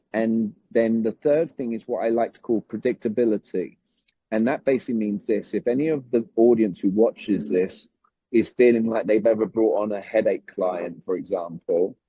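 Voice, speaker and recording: A man's voice: fairly low pitch, mellow, husky, no room sound, dull audio. A man with a British accent teaching a conversation method in an interview, laying out his points in steps and checking in with "all right". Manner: structured, explains in numbered steps, often says "all right". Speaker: summit guest speaker.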